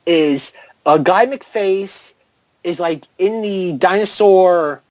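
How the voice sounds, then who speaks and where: A man's voice: high-pitched, slow pace, a little mellow, dry recording. A man co-hosting a film podcast, rambling sarcastically and filling his talk with "like". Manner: rambling, heavy "like" filler, sarcastic. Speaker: podcast co-host. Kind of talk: casual film podcast chat.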